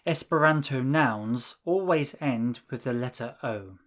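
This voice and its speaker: A man narrating a language lesson, slow and deliberate, spelling out words for learners. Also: mid-range voice, a bit bright. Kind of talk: scripted instructional narration.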